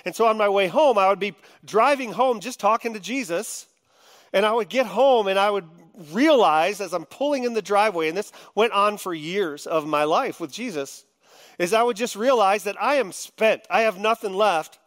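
A middle-aged man preaching a sermon, heartfelt, moving between quiet confiding and loud, impassioned venting. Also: high voice, moderate pace. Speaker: pastor.

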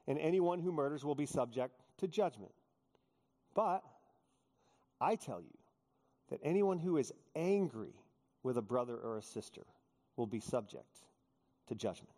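A male pastor preaching a sermon, joking with the congregation and acting out quotes in animated storytelling. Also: on the high side. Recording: long hall reverb.

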